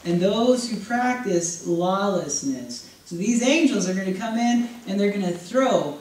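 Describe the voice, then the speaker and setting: A woman preaching a sermon to a congregation in a conversational, animated way, often acting out what people might say. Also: mid-range voice, unhurried. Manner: animated, acts out quoted voices, conversational with congregation. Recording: echoey room, voice from far off.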